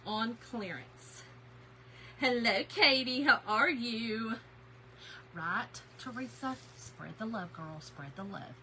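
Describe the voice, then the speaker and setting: A woman hosting a casual craft haul livestream, chatty and excitable, greeting viewers by name. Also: medium pitch, slow, a little hiss or hum, poor audio. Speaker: craft channel host.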